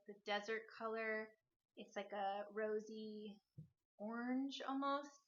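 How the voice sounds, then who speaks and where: A woman's voice: on the high side, sharp tone, highs cut off. A woman hosting a knitting podcast, talking casually and rambling a bit as she shows her yarn. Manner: chatty, rambling, with fillers and self-corrections. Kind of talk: casual show-and-tell chat.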